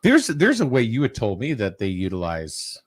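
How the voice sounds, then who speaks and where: A man hosting a casual local talk show, telling an animated story and repeating "I said" as he goes. He is from Eastern Connecticut. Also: medium pitch, normal speed. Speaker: host.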